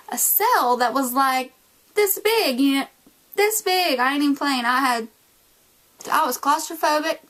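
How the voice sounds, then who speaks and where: A young woman from the United States with a Southern accent, casually telling a story to the camera and acting out the people in it. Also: high voice. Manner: animated, acts out voices in her retelling. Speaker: vlogger.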